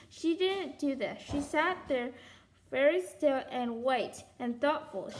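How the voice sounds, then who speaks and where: A woman's voice: sits high, slight background noise. A woman reading a novel aloud, carefully, with frequent stumbles and restarts over the words. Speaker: storybook reader.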